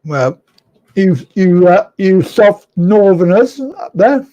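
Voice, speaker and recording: A man's voice: high-pitched, expressive, takes it slowly, dark tone, muffled recording. A man hosting a live online chat, rambling and chuckling as he reads out viewer comments and teases them. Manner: rambling, chuckling, self-correcting, teasing viewers. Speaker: host of a live chat show.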